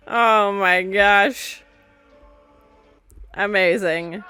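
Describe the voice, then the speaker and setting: A young woman hosting a movie reaction, excitable and laughing often as she acts out the characters. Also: medium pitch, clear, resonant tone, no echo. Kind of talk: casual movie reaction commentary.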